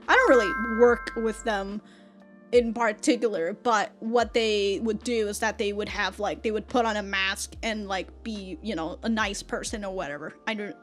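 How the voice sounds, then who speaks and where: A woman's voice: mid-range voice, a bit bright. A woman hosting a casual reaction video, swearing freely, laughing often and telling stories animatedly.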